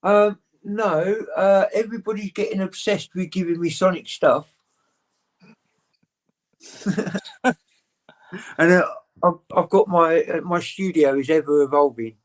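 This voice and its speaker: A man chatting casually as a guest on a livestream video call, rambling, open and animated. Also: sits high, measured pace, long pauses, low-quality recording. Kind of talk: casual chat.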